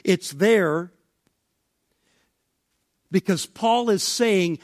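A male pastor preaching a sermon, building to emphatic near-shouts when he voices objections. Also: high-pitched, expressive, extremely slow, vocal fry, pauses often, dry recording, studio quality.

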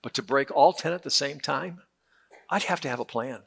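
Gravelly, bright-voiced male Bible teacher. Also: mid-range voice, moderate pace. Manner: joking, conversational, repeats words when restarting. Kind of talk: Bible class lecture.

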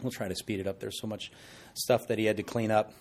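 A middle-aged man preaching an expository sermon as pastor, conversational and animated, with jokey asides. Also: lowish voice, quick pace.

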